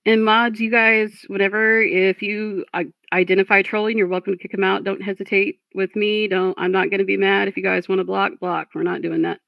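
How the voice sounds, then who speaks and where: A woman's voice: mid-range voice, flat delivery, brisk, creaky, few pauses, no room sound. A woman hosting a livestream, talking casually and reading chat, frustrated and blunt, swearing at trolls. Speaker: livestream host. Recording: dull lo-fi stream audio.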